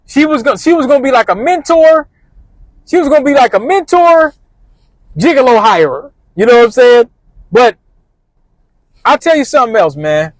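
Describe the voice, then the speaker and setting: High-voiced man chatting casually in slang. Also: very animated, moderate pace, long pauses, no echo. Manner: loose, repetitive street slang, addresses viewers as y'all. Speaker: vlogger giving job-interview tips. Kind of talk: casual talk while driving. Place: car.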